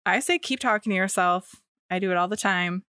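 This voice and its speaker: A woman's voice: mid-range voice, brisk, sharp tone, no room sound, clean studio sound. A young woman co-hosting a podcast, chatting casually with plenty of fillers and restarts. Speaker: podcast co-host. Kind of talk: casual chat.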